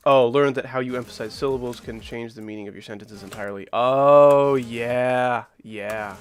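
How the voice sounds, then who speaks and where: A man's voice: on the low side, flat delivery, fast talker. Man in his thirties, casual livestream chatter, rambling with lots of fillers, faint music underneath. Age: 30s. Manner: rambling, many "like" fillers, reacts to chat mid-play. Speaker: streamer playing requested game levels. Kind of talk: casual livestream chat answering viewers.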